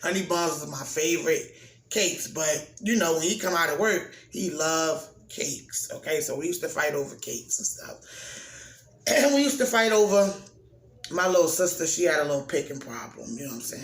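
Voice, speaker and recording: A young man in a casual, rambling personal video, talking slowly and getting emotional as he speaks. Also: on the high side, a bit bright. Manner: casual, rambling, keeps saying "you know what I'm saying". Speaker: vlogger. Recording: echoey room with faint background hiss.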